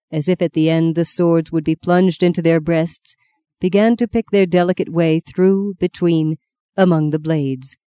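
Mellow woman narrating a novel. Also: low voice, clean tone, no echo, studio quality. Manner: lyrical, measured storytelling. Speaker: audiobook narrator. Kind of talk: scripted narration.

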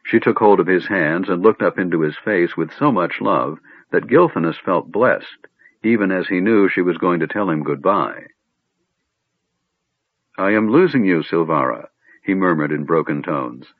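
A man narrating an audiobook in an expressive storytelling manner. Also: sits low, moderate pace, no echo. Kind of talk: scripted narration. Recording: tinny phone-like, dry.

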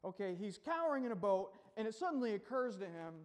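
A man's voice: high voice, sing-song, quick pace. A male pastor preaching a casual, joking sermon, acting out the scene as he tells it. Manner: casual, joking storyteller who acts out the scene. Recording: long hall reverb.

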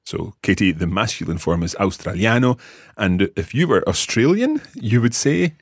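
Scottish male teacher, deep and husky, dry close sound, patient lesson delivery. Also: sing-song, normal speed, no echo. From Scotland. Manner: patient, clear, modelling words for learners. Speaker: language teacher. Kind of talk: podcast language lesson.

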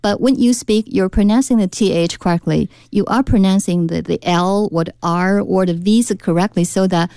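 A woman's voice: mid-range voice, moderate pace, hardly any pauses, warm tone, clear, resonant tone, no echo. A woman guest on a radio talk show, explaining her speech training company's courses with frequent fillers and restarts.

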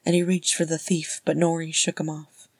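A woman reading a story aloud as the narrator, in a measured, steady way. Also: low-pitched, dry recording. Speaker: audiobook reader. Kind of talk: fan fiction audiobook narration.

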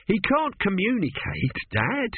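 A man's voice: high voice, huge pitch swings, measured pace, a little hiss or hum, voice pushed up, full character voice. A man doing a stammering nervous son. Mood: anxious. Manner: stammering, anxious, pleading. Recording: dry, phone-like narrow sound.

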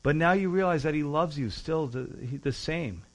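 A male pastor preaching a sermon, moving between loud emphasis and quiet, low asides, and acting out quoted voices as he retells the story. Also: moderate pace.

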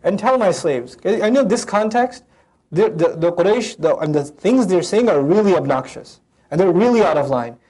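A man teaching a Quran passage, reciting Arabic verses and translating them, animated as he acts out the voices in the text. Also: high voice. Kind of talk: Quran lecture.

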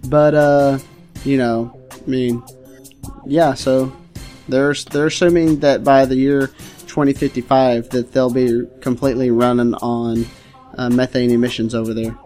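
A man co-hosting a comedy podcast, spinning crude, absurd theories in a straight-faced, mid-pitched voice. Faint guitar music sits quietly in the background. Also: unhurried. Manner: deadpan absurd storytelling, crude jokes. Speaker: podcast co-host.

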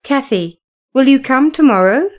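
A woman's voice: sits high, very animated, slow, full character voice. A woman reading a storybook, voicing a sickly, peevish teenage boy who whines and pleads. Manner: fretful, whiny pleading.

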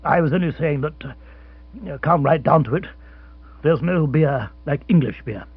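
A man doing a flustered, raspy old-school captain. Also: on the high side, measured pace, no room sound. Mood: awkward. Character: flustered middle-aged colonial captain, stiff and awkward. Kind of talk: audiobook character voice. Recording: dry, dull lo-fi sound.

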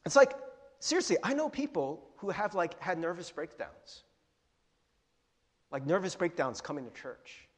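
With a fairly high, slightly rough voice, a young adult pastor preaches at a normal speed, leaving long pauses. His sermon is animated, casual and joking, full of acted-out little voices, and heard through long hall reverb.

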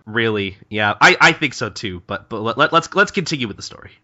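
Bright-voiced man recapping a manga. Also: medium pitch, lively intonation, fairly quick, no room sound, muffled recording. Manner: chatty, stumbling and laughing as he recaps. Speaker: podcast co-host. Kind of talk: casual chat retelling a manga chapter.

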